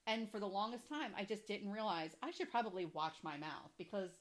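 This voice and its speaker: A woman's voice: mid-range voice, fairly quick. A young adult woman hosting a podcast, telling stories with a lot of swearing and laughter in casual chat. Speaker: podcast host.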